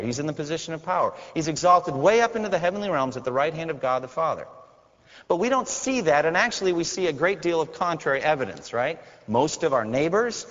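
A male pastor preaching a sermon, swinging dramatically between loud cries and hushed, quiet lines. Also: on the high side. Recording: dull sound with long hall reverb.

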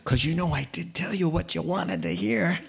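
A man playing a fawning hired priest in a sermon, flattering and overeager. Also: a little high, moderate pace, vocal fry. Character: smarmy male priest for hire, flattering.

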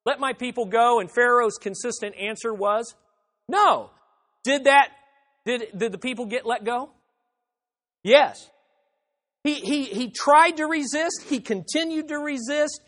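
A man's voice: very high-pitched, a little slow, a bit bright. A man preaching an expository sermon, emphatic, repeating phrases and acting out the objections he quotes. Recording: reverberant hall.

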